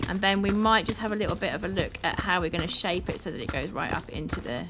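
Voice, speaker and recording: A woman's voice: on the low side, expressive, fast talker. Chatty South London woman streamer. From South London, England. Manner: chatty and upbeat, thanking viewers, laughs easily. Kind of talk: casual chat with live chat while gaming. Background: background music.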